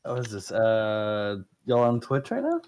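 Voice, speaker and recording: A man's voice: on the low side, wildly swooping pitch, unhurried, darkish tone, slight background noise. A man dropping in as a guest who chats casually and jokes around with the group. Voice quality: playful, joking. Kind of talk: casual chat.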